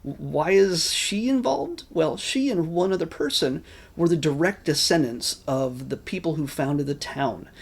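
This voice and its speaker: Gravelly man rambling through a film review. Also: on the high side, expressive, a little slow. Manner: rambling, many restarts and asides, wry. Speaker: movie reviewer. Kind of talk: casual spoken film review.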